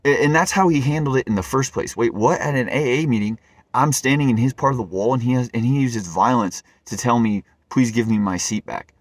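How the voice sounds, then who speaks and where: Speaking to camera, a male vlogger tells a personal story earnestly and ramblingly, often stumbling and repeating himself. His voice is medium in pitch and a little quick, and the recording is dry.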